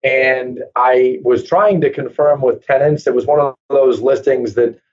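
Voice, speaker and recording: A man who runs a real estate brokerage, telling lively stories in a casual interview and acting out quoted voices. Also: medium pitch, measured pace. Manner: animated storyteller, acts out quoted voices. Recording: dull lo-fi sound.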